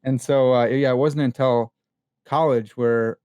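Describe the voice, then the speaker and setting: A young man as a podcast guest, telling personal stories in a candid, animated way full of casual slang and fillers. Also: medium pitch, measured pace, clean tone, no room sound. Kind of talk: casual conversation.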